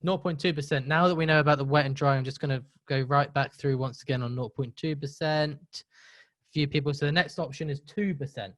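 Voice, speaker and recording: A man's voice: a little high, fairly even intonation, brisk, fairly bright tone, dry recording. A man hosting a live webinar, upbeat and chatty, running a quiz with the audience. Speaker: webinar host.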